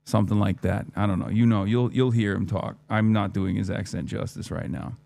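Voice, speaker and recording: Animated, profane man telling a story. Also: fairly low pitch, fairly quick, creaky. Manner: profane, animated, acts out his own dialogue. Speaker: streamer. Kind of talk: casual storytelling chat.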